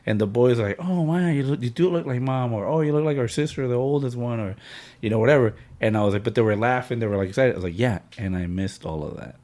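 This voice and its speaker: This man's voice is mid-range, darkish and fast as he hosts a podcast, somewhere in his thirties or forties. In a casual conversation with friends, he shares an emotional story heavy with slang and fillers.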